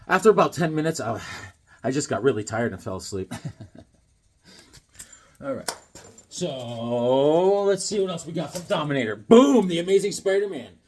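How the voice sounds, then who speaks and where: A middle-aged man chatting casually as he shows off his comic books, telling stories in a lively way and laughing often. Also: on the high side, a little slow, long pauses, breathy edge. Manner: animated storyteller, laughs often, acts out voices. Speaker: comic book collector vlogger. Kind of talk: casual chat showing comics.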